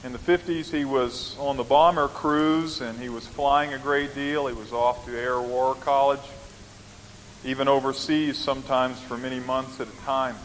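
A man preaching a sermon as a pastor, telling a personal story in a slow, gentle way with rising emphasis. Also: medium pitch, steady tone, slight background noise. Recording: long reverb of a large hall.

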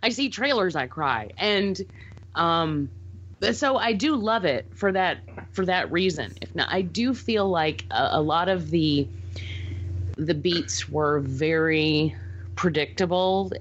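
Woman, casual movie chat, emotional and gushing, slightly low voice, dull lo-fi sound. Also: slow. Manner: emotional, gushing, laughs easily. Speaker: podcast co-host.

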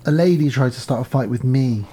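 A British man co-hosting a chatty comedy podcast, his voice dark and mellow with a husky grain. He tells stories in a loose, joking way and slips into quoting people. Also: mid-range voice, fairly quick. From United Kingdom. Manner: storytelling with acted quotes, frequent laughter. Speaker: podcast co-host. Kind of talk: casual comedic chat.

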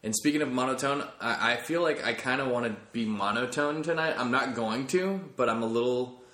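A man's voice: medium pitch, brisk, pushed and bright, roomy sound. A man hosting his own comedy podcast, rambling and correcting himself as he jokes along. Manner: rambling, self-correcting, jokey. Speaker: podcast host.

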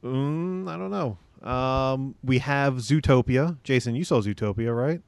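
A man co-hosting a podcast, chatting casually about films. He pauses often with ums and restarts his sentences. His voice is dry and close on the mic, at a middle pitch. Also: vocal fry, clear, resonant tone, dry recording. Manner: hesitant, lots of ums and restarts. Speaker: podcast co-host. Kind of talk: casual chat.

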